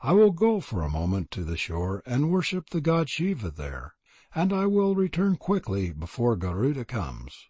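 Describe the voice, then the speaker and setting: A man reading a storybook, voicing a resigned young serpent prince in an earnest, solemn way with a husky voice. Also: mid-range voice, wildly swooping pitch, normal speed, a little mellow, dry recording.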